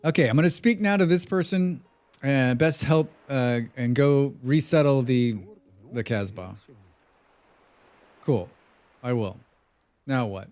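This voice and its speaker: A man's voice: medium pitch, unhurried, pauses often, a little mellow. A man streaming a video game, rambling and joking about himself as he plays. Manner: rambling, joking, self-deprecating. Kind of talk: casual gaming livestream commentary.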